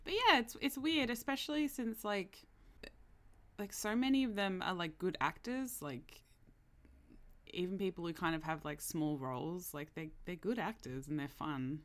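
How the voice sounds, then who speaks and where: A woman's voice: lowish voice, moderate pace. A woman co-hosting a podcast in casual chat, talking with many fillers and laughing often. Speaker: podcast co-host.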